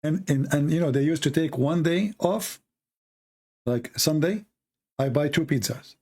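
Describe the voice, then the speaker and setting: A man with a fairly high, warm voice hosts an online show at an unhurried pace, offering casual, mocking commentary. Speaking non-native English, he rambles with restarts, fillers, and grammar slips, laughing at his own jokes.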